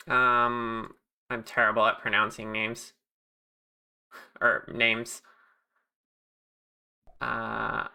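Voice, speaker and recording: Streamer, casual crafting chat, very sharp, crisp, chatty tone, thinks aloud at a home mic. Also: medium pitch, monotone, extremely slow, long pauses. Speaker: livestreamer making plushies.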